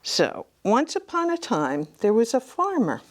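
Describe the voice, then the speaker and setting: Animated woman reading picture books. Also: fairly high pitch, measured pace. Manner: animated, slipping into hushed whispers and gasps. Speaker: children's librarian. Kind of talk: reading a picture book aloud to children.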